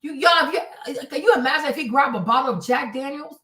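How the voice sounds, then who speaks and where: A high-pitched woman talks a little away from the microphone, and her voice rings in a roomy, echoing space. She comments bluntly on a news clip, swearing freely and mocking the people in it with acted-out quotes. Her tone stays sarcastic and scornful throughout. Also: fast, pushed and bright, far from the mic. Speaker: commentary streamer. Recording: echoey room, voice away from the mic.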